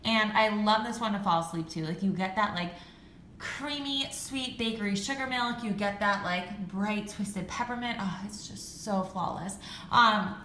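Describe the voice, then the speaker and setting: Bright-voiced chatty woman vlogger. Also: mid-range voice, a little slow, reverberant, slight background noise. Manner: chatty, gushing, lots of fillers. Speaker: beauty and home vlogger. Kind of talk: casual product review.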